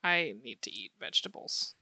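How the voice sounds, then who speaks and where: Bright, chatty woman streamer. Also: rumbling low, sing-song, moderate pace, no echo. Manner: chatty, reads and answers chat, laughs often. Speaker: art streamer. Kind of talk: casual livestream chat while sketching.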